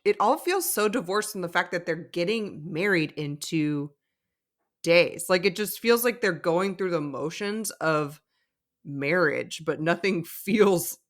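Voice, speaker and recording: Speaking in a lowish, expressive voice at a measured pace, this woman co-hosts a podcast. It's a casual reality-show recap full of her opinions and frequent giggles.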